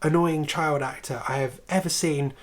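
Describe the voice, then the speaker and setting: A man's voice: fairly high pitch, steady tone, moderate pace. A man hosting a casual film review video, chatty and opinionated, with sarcastic swearing asides.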